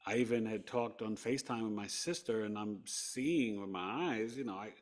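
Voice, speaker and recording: A man from New York, a podcast guest, telling a personal story with big swings between hushed and loud delivery. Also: on the low side, moderate pace.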